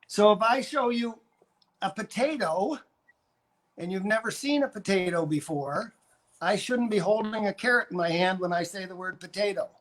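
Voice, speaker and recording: A man's voice: sits high, normal speed, fairly bright tone. An older man from Canada, a dog trainer, coaching viewers on a live stream and going over his points again and again with demonstrations.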